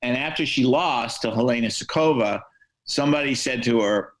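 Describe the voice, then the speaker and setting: An older American sportswriter tells stories in a podcast interview. His middling voice stays wry and self-deprecating. He fills his pauses with ums and uhs. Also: mid-range voice, poor audio. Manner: wry, self-deprecating anecdotes with many fillers. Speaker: sportswriter guest.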